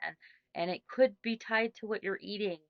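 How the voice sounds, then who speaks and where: A woman's voice: medium pitch, normal speed, no echo, lo-fi sound. A middle-aged woman, a running coach, giving casual advice in a chatty, rambling way with lots of restarts.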